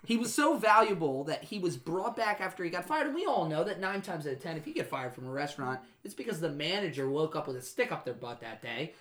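A man's voice: on the high side, big pitch swings, fast talker, hardly any pauses, a bit bright. A man hosting a casual podcast, joking and teasing as he tells stories. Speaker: podcast host.

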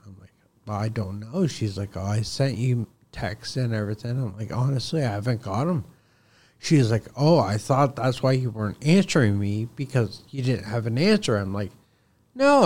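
Heated, profane man telling a job story. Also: mid-range voice. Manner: heated, profane, acts out both sides of phone calls. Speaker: contractor guest. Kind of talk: casual podcast storytelling.

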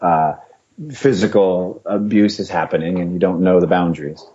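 A man's voice: low voice, normal speed, breathy edge, dull audio. A middle-aged man, a retired fighter, telling stories in a casual interview, laughing and poking fun at himself. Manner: laughing, self-mocking, animated storyteller.

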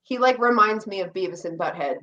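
Animated storytelling woman, lively voice. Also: mid-range voice, brisk, recorded from a distance, dull audio, slight background noise. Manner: animated storytelling, quoting herself and others, frequent swearing. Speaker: podcast co-host recounting reality show experience. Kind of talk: casual chat.

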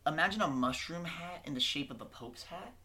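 A woman's voice: deep voice, expressive, fairly quick, pushed and bright, slight background noise. A woman running a tabletop game as game master, narrating in a loose, chatty way with many fillers and self-corrections.

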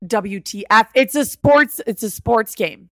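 A woman's voice: a little high, expressive, unhurried, fairly bright tone, dry recording, clean studio sound. A woman from Wisconsin co-hosting a casual chat, teasing and acting out goofy little voices. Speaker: podcast co-host.

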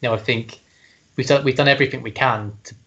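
A man from the UK talks as a band guest in a casual interview, halting and full of fillers. His tone is bright and forceful at a middle pitch. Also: fairly even intonation, muffled recording. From United Kingdom. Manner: hesitant, halting, many fillers.

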